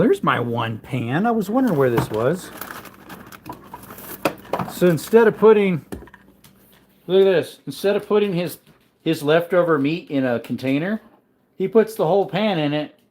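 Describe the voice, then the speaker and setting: A man's voice: on the high side, expressive, moderate pace, pauses often, a little mellow. A man vlogging from his home kitchen in a rambling casual chat, wandering between topics and talking to his dogs.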